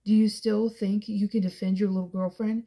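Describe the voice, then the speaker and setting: A woman voicing a cruel, mocking older man who taunts his son with contempt, in a gravelly, husky voice. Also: medium pitch, level tone, normal speed, mellow, close to an everyday voice. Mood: menacing.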